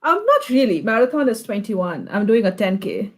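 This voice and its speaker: A woman, a comedian guest who talks openly and breaks into laughter. Her voice is fairly high and swings up and down a lot. She comes across easygoing and blunt. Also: big pitch swings, moderate pace. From India. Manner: giggly, frank, easygoing.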